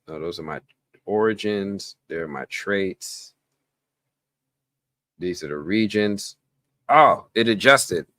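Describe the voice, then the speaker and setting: A man's voice: low voice, slow, long pauses, no room sound. A man from the Bronx hosting a live stream, chatting casually and rambling off on tangents. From the Bronx, New York. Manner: animated, rambling, goes off on tangents.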